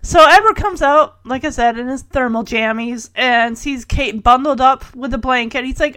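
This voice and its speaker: Middle-aged woman recapping a show, bit higher voice, wry jokey asides, dry close mic. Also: moderate pace, hardly any pauses, sharp tone, no room sound. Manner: chatty, wry asides, laughs while retelling. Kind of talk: casual episode recap.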